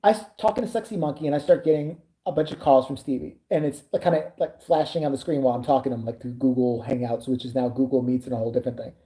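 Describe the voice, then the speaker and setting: Low, dark-voiced woman ranting. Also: quick pace, few pauses. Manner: profane, exasperated, acts out quoted dialogue. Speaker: vlogger. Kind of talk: casual storytelling rant.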